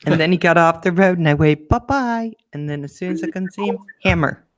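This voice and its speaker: A woman co-hosting a casual chat show, telling a lively story and acting out the people in it. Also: quick pace, no echo. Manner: lively storyteller, acts out quotes in a high voice. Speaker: show co-host.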